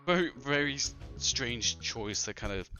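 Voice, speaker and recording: A man co-hosting a casual film review chat, animated, with lots of fillers and mocking impressions. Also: mid-range voice, measured pace, soft background music. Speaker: podcast co-host.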